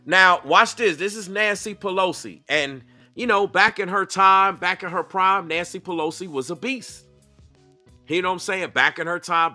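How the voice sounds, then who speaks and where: A man with a high, bright voice runs a casual reaction stream. He repeats his points and keeps asking his audience questions, with quiet music playing underneath. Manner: animated, repetitive, asks the audience. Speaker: commentator reacting to clips.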